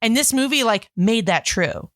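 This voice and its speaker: A woman co-hosting a podcast in casual chat, animated and gushing, with plenty of fillers and laughter. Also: on the high side, moderate pace, dry recording, clean studio sound. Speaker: podcast co-host.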